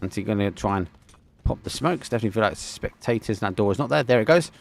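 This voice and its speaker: A gravelly-voiced man with an Essex accent commentates a live esports match. He speaks casually and warmly to his viewers, with a chatty, friendly manner. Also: lowish voice, expressive, fast talker. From England. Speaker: esports caster. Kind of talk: live game commentary with chat.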